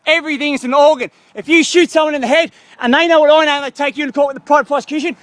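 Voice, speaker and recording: A man's voice: very high-pitched, steady tone, racing, a bit bright, dry recording. An Australian man in a heated street argument with police, ranting angrily and swearing a lot. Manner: angry, profane ranting. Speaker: member of the public confronting police.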